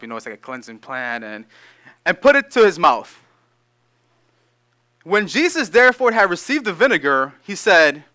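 Bright-voiced preacher man, high and lively. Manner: reads scripture slowly then explains in lively casual asides. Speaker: pastor. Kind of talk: sermon.

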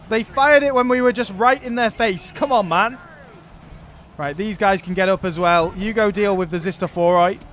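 A man's voice: sits high, a bit bright. A man giving let's play commentary on a strategy game, barking orders at his units and swearing when frustrated. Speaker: gaming channel host.

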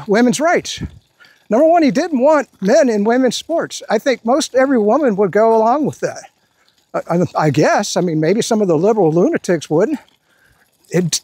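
A man with a fairly high, husky voice talks politics in a rambling, indignant way, often restarting his sentences. He is outdoors walking his dog, and the sound is close and dry. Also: a little mellow, dry recording. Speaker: political commentary vlogger. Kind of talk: casual political rant while walking.

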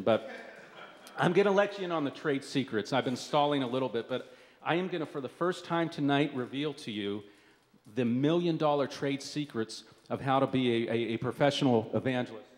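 A man performing stand-up comedy, telling a wry story with lots of asides. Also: mid-range voice. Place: live comedy stage. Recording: reverberant hall.

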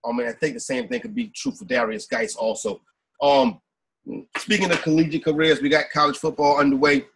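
A man's voice: fairly high pitch, lively intonation, fairly quick, gravelly, fairly bright tone, a little hiss or hum, rough recording. A man co-hosting a sports podcast, talking casually about football betting in a rambling way, often asking "you know what I'm saying". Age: adult with kids. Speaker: podcast co-host.

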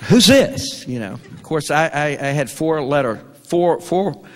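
A man's voice: fairly high pitch, a little slow. An older man with a Southern American accent telling a story to an audience, folksy and stammering, a Vietnam veteran speaker. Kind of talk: storytelling speech at an event. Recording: long hall reverb.

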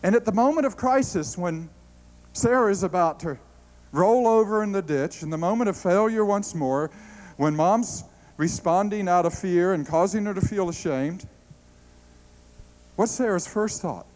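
Animated male preacher telling stories. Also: high voice, moderate pace, poor audio. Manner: animated storytelling with laughs and stammered restarts. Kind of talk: sermon.

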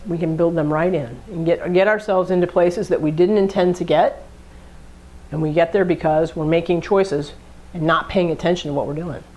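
A woman's voice: lowish voice, warm tone. A woman giving a conversational lecture on addiction, walking through everyday examples and acting out the thoughts behind them. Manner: conversational, acts out hypothetical inner thoughts. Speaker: addiction educator. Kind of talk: classroom lecture.

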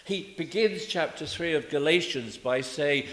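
A man's voice: on the high side, unhurried, hardly any pauses, fairly bright tone. A man with a British accent preaching a sermon, with wry humorous asides. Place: church sanctuary. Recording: echoey church from a distance.

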